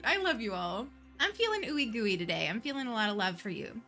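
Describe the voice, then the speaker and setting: A woman hosting a livestream, chatting casually and warmly with her viewers, emotional and laughing often. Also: a little high, sing-song, fairly quick, faint music behind. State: emotional, near tears. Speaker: livestream host.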